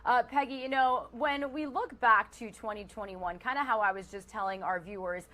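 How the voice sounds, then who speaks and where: A woman reporting for the news, interviewing a guest in a clear, measured way. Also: a little high, bright, forceful tone.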